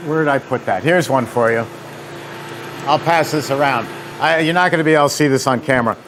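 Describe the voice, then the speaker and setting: A man leads a live seminar demonstration. He talks in a chatty, joking, storytelling way, and his voice sits at an ordinary middle pitch. A faint machine hum runs underneath. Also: fairly bright tone. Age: 50s or 60s. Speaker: equipment company president.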